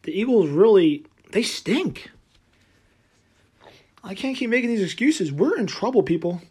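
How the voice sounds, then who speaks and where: A man hosting a solo sports podcast, angry and profane, swinging between loud outbursts and low, deflated muttering. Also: animated, brisk, breathy edge.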